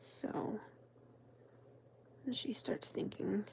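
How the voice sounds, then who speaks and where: A woman crafting-channel host who tells a meandering story in a soft, chatty whisper. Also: medium pitch, steady tone, takes it slowly, pauses often, a little hiss or hum.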